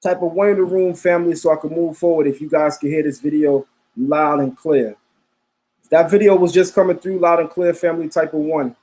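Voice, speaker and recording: A man's voice: a little high, flat delivery, brisk, a little mellow. A man hosting a live stream, talking casually, repeating himself and calling his viewers family. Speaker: livestream host.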